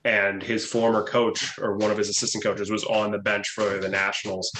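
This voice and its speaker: A man's voice: lowish voice, flat delivery, moderate pace, fairly bright tone, echoey room, slight background noise, poor audio. A man co-hosting a podcast, casually telling rambling stories and laughing through them. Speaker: podcast co-host. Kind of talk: casual chat.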